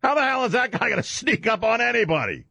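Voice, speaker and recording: A man hosting a comedic radio talk show, riffing and mocking with a husky voice. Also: very high voice, sing-song, quick pace, pushed and bright, no room sound. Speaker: radio host.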